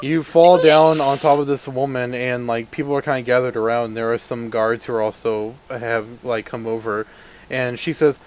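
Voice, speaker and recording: A young man narrating a tabletop role-playing game as its game master. He talks loosely and easily, stopping often for fillers, at a middle pitch. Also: steady tone, normal speed, background noise.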